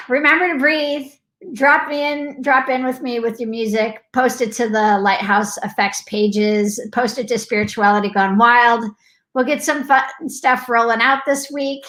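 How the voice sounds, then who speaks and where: A woman's voice: on the high side, measured pace, fairly bright tone. A woman hosting a casual motivational live stream, bubbly and affectionate, chatting to her viewers. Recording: echoey room.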